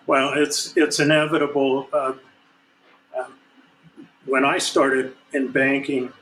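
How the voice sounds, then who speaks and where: A man in his sixties, a guest banking expert, explaining at a measured pace with many fillers and restarts on a podcast. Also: mid-range voice, flat delivery, a bit bright, a little hiss or hum, poor audio. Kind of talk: podcast discussion.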